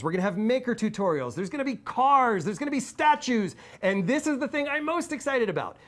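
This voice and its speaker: This is a breathless male host with a high voice, hyping events on a live stream. He rattles off long lists of attractions with plenty of energy. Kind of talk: promotional live-stream announcement.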